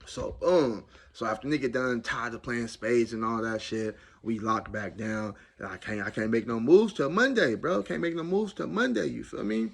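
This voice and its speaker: A man telling a jail story in a casual, animated and slangy way. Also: moderate pace, vocal fry, hardly any pauses, slightly rough. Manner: animated, slangy, loud swings of pitch. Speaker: storyteller recounting jail time.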